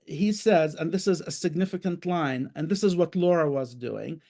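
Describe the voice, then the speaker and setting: A man with a noticeably high-pitched voice speaks as a guest in an online panel discussion. He is passionate and emphatic, talking in short bursts and restarting his sentences. He repeats words to drive a point home. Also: normal speed, dark tone.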